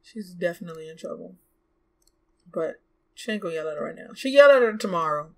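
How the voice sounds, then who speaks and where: A woman's voice: fairly low pitch, lively intonation, gravelly. Chatty young woman commenting on her game. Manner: chatty, scolds and coaxes the game characters aloud; exclamatory, quick to gasp and laugh. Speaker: gaming YouTuber. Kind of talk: let's play commentary.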